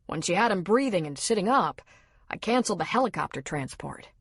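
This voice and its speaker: A woman voicing an older retired general, brisk and directive as he organizes help. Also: fairly low pitch, animated, breathy edge, no echo, studio quality.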